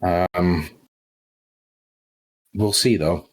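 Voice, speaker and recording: A man's voice: sits low, drawn-out words. Jokey man co-commentating. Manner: jokey, chatty, laughs often. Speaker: esports co-caster. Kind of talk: casual commentary chat.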